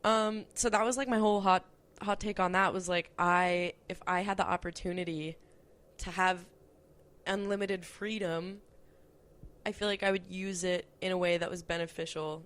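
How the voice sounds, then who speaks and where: A woman's voice: fairly low pitch, a bit bright. A young woman hosting a podcast, telling stories in a chatty, casual way, swearing freely and saying "like" a lot. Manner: chatty, profane, lots of "like". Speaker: podcast host. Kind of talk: casual storytelling monologue.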